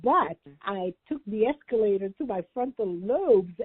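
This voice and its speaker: An older woman therapist telling a story as a radio interview guest, animated and warm. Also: medium pitch, a little slow, slightly rough, no room sound. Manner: warm, animated storytelling, acting out quoted voices. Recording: dry, phone-like radio line.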